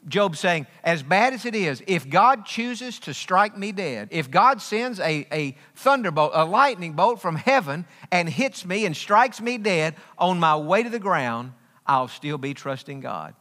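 A man's voice: high voice, animated, unhurried, pushed and bright. A man preaching a sermon as pastor, emphatic and repetitive, with folksy humor. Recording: long reverb of a large hall.

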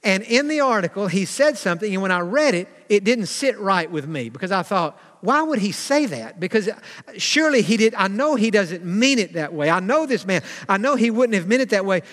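A preacher with a high, bright voice delivers a sermon in a church sanctuary. He drags out key phrases for emphasis and acts out the people he quotes. His voice trails off into the long reverb of the hall. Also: sing-song. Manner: preaching with dramatic slowdowns and acted-out quotes. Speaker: pastor.

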